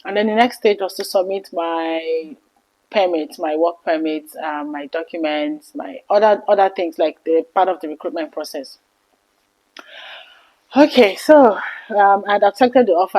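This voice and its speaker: A woman in her thirties telling a personal story to camera in an earnest, emotional vlog, her voice often dropping soft. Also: on the low side, moderate pace, rough recording. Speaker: vlogger.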